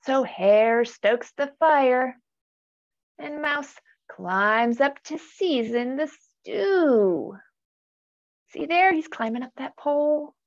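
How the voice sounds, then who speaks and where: A woman reading a picture book aloud to children, animated, gasping and asking questions as she goes. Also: sits high, takes it slowly, highs cut off. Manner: animated, gasps, asks listeners questions. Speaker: storytime reader.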